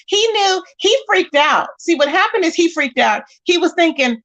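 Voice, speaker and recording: High-voiced sassy woman chatting live. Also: normal speed, hardly any pauses, fairly bright tone. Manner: chatty, sassy, greets viewers by name. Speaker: livestream host. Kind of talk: casual live chat, reading viewer comments.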